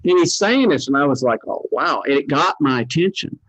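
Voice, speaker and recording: A man's voice: a little high, animated, moderate pace, fairly bright tone, slightly rough, no echo. Older man telling his story earnestly. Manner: rambling, earnest storytelling with many fillers. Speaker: interview guest, cancer survivor. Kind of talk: storytelling interview. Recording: dull, dry lo-fi sound.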